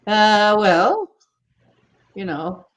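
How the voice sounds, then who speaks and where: A woman hosting a casual livestream chat, teasing and laughing often as she talks. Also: medium pitch. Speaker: livestream host.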